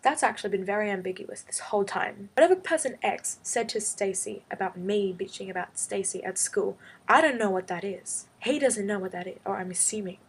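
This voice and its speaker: A young woman vlogging, telling a school drama story in an exasperated, animated casual rant. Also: mid-range voice, fairly quick, hardly any pauses, breathy edge. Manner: exasperated, animated retelling with quoted back-and-forth. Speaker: high school student.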